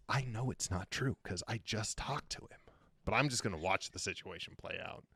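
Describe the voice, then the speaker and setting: A man telling a story as a podcast guest, loose and profane. His pitch swings widely as he jokes. The sound is close and dry. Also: moderate pace, no echo. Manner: animated, profane, joking. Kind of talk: casual storytelling.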